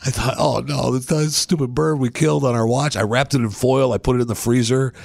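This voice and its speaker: A podcast host, a man with a gravelly, fry-edged voice, spins loose, self-mocking stories in an easy, casual way. His pitch sits in an ordinary middle range. The recording is close and dry, with no room sound. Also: fairly even intonation, a little fast, dry recording. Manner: rambling, self-mocking anecdotes. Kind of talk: casual storytelling.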